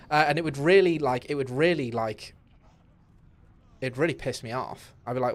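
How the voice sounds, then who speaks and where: Streaming a game at home, a young man chats casually on his live stream in a candid, meandering way full of fillers and false starts. His voice is mid-range and his pace moderate.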